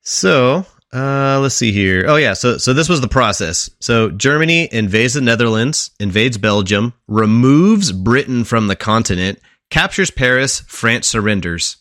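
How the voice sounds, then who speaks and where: Male podcast co-host, mid-pitched, dry close mic, casual storyteller who quizzes the table. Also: expressive, a little slow, hardly any pauses, fairly bright tone, no echo. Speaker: podcast co-host presenting a history segment.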